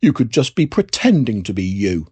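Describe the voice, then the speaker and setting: A storyteller voicing a bossy male elf gate guard in a storybook, with a loud, curt, stubborn delivery. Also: mid-range voice, very animated, moderate pace, breathy edge, no echo. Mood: officious.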